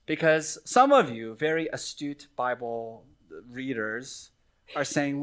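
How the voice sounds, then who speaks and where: A man's voice: mid-range voice, takes it slowly, fairly bright tone, clear, resonant tone. A middle-aged male pastor preaching a sermon in an earnest, conversational teaching manner with friendly asides.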